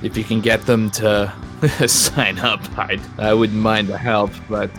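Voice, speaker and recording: A man's voice: lowish voice, little pitch movement, measured pace, music in the background. A man narrating as game master of a tabletop role-playing game, casual and laughing. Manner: casual, laughing, lots of fillers.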